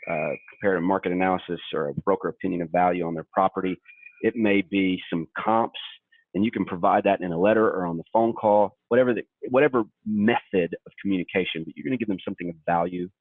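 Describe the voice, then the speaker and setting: Emphatic young sales coach on a phone line. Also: male voice, sits low, no room sound. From Kentucky. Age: young adult. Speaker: webinar co-host and sales trainer. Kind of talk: sales training webinar. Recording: tinny dry phone line.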